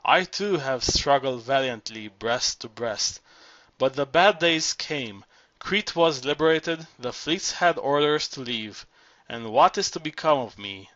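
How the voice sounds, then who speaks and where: A man's voice: medium pitch, animated, a little slow, bright, forceful tone, dull audio. A man putting on a vain aging cabaret singer. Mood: boastful. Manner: boastful and theatrical storytelling. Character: aging former cabaret singer, vain, flirtatious, self-pitying woman.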